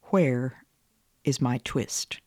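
A man's voice: medium pitch, very slow, darkish tone, no echo, studio quality. A woman voicing a poor, sick old male tailor who pleads anxiously. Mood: plaintive.

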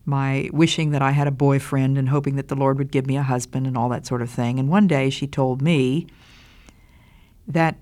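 An older woman giving a Christian devotional talk in a slow, deliberate, earnest way. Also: very deep voice, steady tone, a little mellow. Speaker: Christian speaker.

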